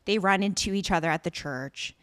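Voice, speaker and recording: A woman co-hosting a podcast in casual chat, recapping scenes as a lively storyteller with exasperation. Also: lowish voice, a little fast, smooth. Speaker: podcast co-host.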